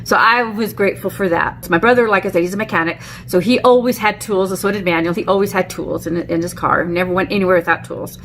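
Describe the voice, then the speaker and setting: A woman's voice: on the low side, fast talker, few pauses, a bit bright, a little hiss or hum. A middle-aged woman vlogger telling a personal story in a chatty way, with many fillers and restarts, acting out the quotes. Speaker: beauty vlogger. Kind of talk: casual storytelling.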